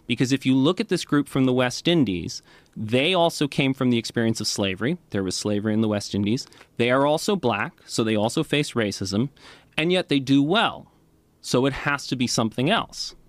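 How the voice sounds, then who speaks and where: A man's voice: mid-range voice, dry recording. Man, casual talk, keeps saying right and you know, dry close recording. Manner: lively, frequent "right?" and "you know" fillers. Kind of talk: casual conversational explanation.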